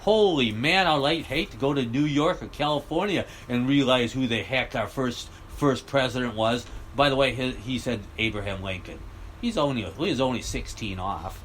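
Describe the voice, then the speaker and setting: A man's voice: medium pitch, moderate pace, fairly bright tone, a little hiss or hum, poor audio. A man ranting bluntly and sarcastically about politics, rambling on in a heated vlog. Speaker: political vlogger. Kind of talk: rambling rant.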